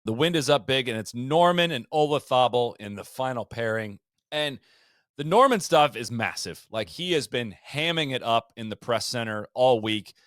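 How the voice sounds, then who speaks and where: A man co-hosting a podcast, telling golf history in a loose, animated way, full of fillers and restarts. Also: mid-range voice, moderate pace, no echo, studio quality. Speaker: podcast co-host. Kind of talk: casual golf history chat.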